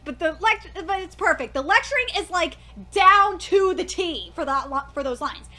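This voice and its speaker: A woman giving a casual anime review, gushing and excitable, swearing and laughing often, rambling with lots of fillers. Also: very high voice, normal speed. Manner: rambling with many fillers and restarts.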